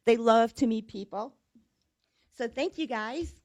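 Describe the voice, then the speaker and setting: A woman with a fairly high voice speaks at a graduation ceremony, laughing lightly between lines. The sound is dry, with little room echo. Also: measured pace, a little mellow. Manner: cheerful, laughs between lines, reads a closing quote. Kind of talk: ceremony speech.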